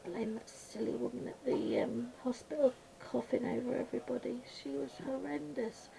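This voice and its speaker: Gravelly, mellow-toned woman mumbling as she colours. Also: on the high side, fairly even intonation, normal speed, low-quality recording. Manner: rambling, mumbles quietly to herself. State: slightly congested, voice going gruff. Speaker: colouring channel host. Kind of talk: casual chat while colouring. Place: small room at home.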